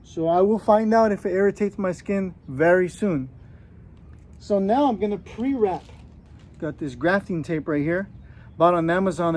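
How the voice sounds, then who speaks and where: A man's voice: high-pitched, a little mellow, a little hiss or hum. Chatty man with a put-on Australian accent. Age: 30s. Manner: chatty, joking, talks while working with his hands. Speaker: gardening vlogger. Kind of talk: casual how-to vlog. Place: outdoor garden.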